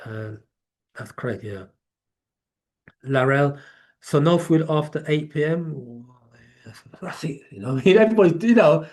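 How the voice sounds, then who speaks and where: An English man hosts a live question-and-answer session at a medium pitch. He talks casually and rambles, circling back and restarting as he explains. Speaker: host of a live Q&A.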